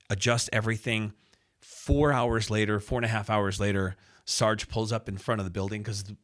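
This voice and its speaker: A man in his fifties, a radio host and announcer, telling a lively story and acting out the other people's lines as he goes. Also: lowish voice. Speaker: radio host and sports announcer, podcast guest. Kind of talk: animated storytelling anecdote.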